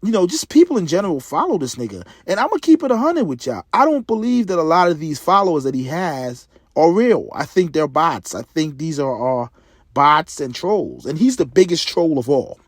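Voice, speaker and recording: A man delivers a blunt, slangy opinion rant, stumbling over repeated words. His voice sits high for a man. The sound is dry and close, with no room around it. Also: sing-song, moderate pace, dry recording. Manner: blunt, slangy, repetitive restarts. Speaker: commentary vlogger. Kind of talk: casual opinion rant to camera.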